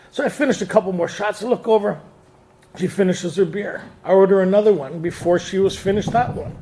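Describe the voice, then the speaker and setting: Guy with a high gravelly voice telling jokey stories at a recovery meeting, keeps laughing at himself, bit of hiss behind. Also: darkish tone. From Canada. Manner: joking storyteller, laughs often at his own lines. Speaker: AA speaker. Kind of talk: recovery meeting talk to a live audience.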